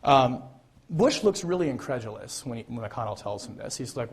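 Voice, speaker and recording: Brief: adult man, mid-pitched, lecturer relating an anecdote, loose and chatty with restarts. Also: expressive, quick pace. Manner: conversational, frequent fillers and restarts. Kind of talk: public lecture storytelling.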